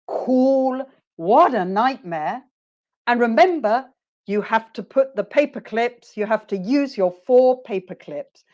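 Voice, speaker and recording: Lively slow-paced woman teacher trainer. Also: a little high. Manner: encouraging, models phrases slowly for repetition. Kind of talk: webinar teaching demonstration.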